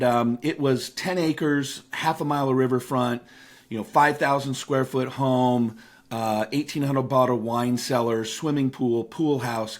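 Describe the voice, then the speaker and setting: A middle-aged man as an interview guest, telling a personal story in a lively, storytelling way. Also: mid-range voice. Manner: animated storyteller who acts out voices in his anecdotes.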